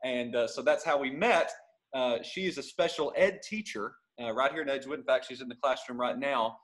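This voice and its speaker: A man's voice: medium pitch, fairly quick, a bit bright, low-quality recording. Jovial man, rambling chat. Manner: rambling, self-correcting, jovial. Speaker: podcast guest, gospel singer. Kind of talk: casual chat.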